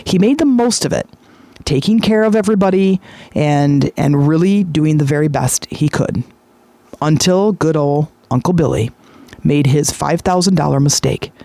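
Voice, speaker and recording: A man hosting a podcast, retelling a story in a lively, chatty way with frequent fillers. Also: fairly high pitch, normal speed, creaky, no room sound. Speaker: podcast host. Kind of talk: casual storytelling monologue.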